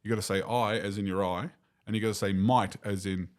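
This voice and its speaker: An Australian man, a guest comedian, telling animated stories in casual podcast chat and swearing freely. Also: lowish voice, quick pace.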